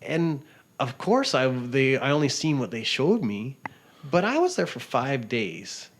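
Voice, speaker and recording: A Canadian man, a travel writer, talking as a guest in a casual interview, rambling through animated stories, laughing often and acting out what people said to him. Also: medium pitch, unhurried, a little hiss or hum.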